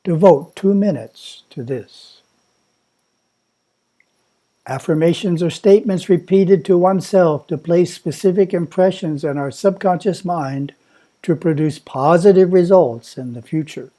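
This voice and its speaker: A man at a monastery reading a prepared spiritual talk in a measured, instructive way. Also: a little high, mellow. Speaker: monastery teacher.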